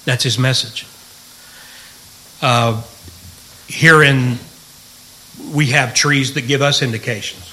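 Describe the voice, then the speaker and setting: A man's voice: medium pitch, steady tone, slow, pauses often, pushed and bright, poor audio. A middle-aged man, a pastor, teaching the Bible in a folksy, joking way and asking the room questions.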